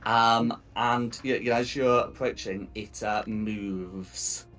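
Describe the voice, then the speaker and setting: A man narrating a tabletop game as game master, often pausing and restarting his sentences. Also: on the low side, fairly even intonation, a bit bright, soft background music. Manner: hesitant, many ums and restarts.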